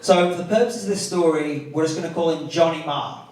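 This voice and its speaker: A young man from the north of England with a Northern English accent, performing an animated stand-up comedy set. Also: brisk, noisy background. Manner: animated, jumps into high-pitched character voices for punchlines. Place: comedy club. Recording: echoey club from a distance, clear crowd laughter.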